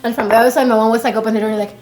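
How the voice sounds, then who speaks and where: A woman's voice: fairly high pitch, very fast, faint music behind. A young woman guest chatting casually, telling stories with lots of energy and acting out the voices of the people she quotes. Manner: animated storyteller, acts out quoted voices, laughs often. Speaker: podcast guest. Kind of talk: casual chat.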